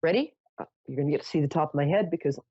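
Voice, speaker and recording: This low-voiced New Yorker talks very fast in a dark tone, telling callers to her psychic show a casual, theatrical story full of jokes at her own expense. The audio is dry and dull.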